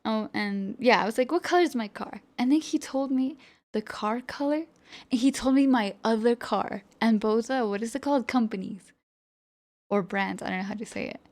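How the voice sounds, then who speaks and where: A young woman tells her chat a personal story in a lively, chatty way, often laughing and checking in with "you know?" Her voice sits a little high and has a gravelly edge. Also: normal speed. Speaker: streamer. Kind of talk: storytime chat with stream viewers.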